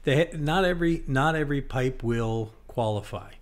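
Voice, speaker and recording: A man's voice: mid-range voice, normal speed. A man co-hosting a home improvement radio show, chatting in a rambling way and reading listener questions. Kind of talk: casual radio call-in chat.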